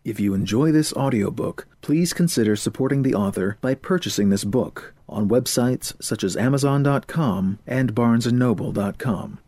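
A male audiobook narrator reads in a steady, even mid-range voice. The sound is dry and close, with no room around it. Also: mid-range voice, moderate pace, few pauses, no room sound. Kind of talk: scripted narration.

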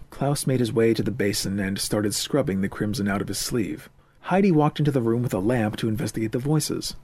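A man narrating an audiobook in a steady, even storytelling manner. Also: medium pitch, normal speed, no room sound. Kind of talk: scripted narration.

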